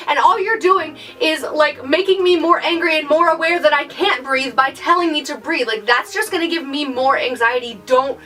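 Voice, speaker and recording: A young woman ranting in a casual vlog, exasperated and sarcastic, mocking others in high voices. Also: moderate pace, few pauses, pushed and bright, distant mic, faint music behind. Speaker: YouTuber.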